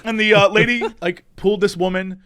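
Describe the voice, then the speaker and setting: A man's voice: high voice, steady tone, brisk, a bit bright, clear, resonant tone. A man co-hosting a podcast, telling a story in casual chat and laughing often as he goes. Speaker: podcast co-host.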